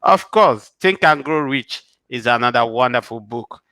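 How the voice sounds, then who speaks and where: A man's voice: mid-range voice, lively intonation, a little slow, pushed and bright, no echo. A man from Nigeria with a Nigerian accent, a show guest answering questions earnestly and often restarting his sentences. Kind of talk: casual interview answers.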